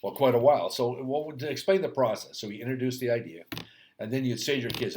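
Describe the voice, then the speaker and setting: A man's voice: medium pitch, fast, a little mellow, slight background noise. A middle-aged man and hockey coach, talking through a casual reflective rant, rambling with many restarts.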